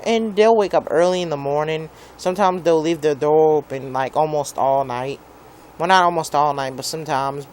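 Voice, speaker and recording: A man's voice: a little high, slight background noise. A young man in a profane, rambling rant about his neighbors, peppered with "like". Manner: profane, rambling, heavy use of "like". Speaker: vlogger. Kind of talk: rambling angry rant to camera.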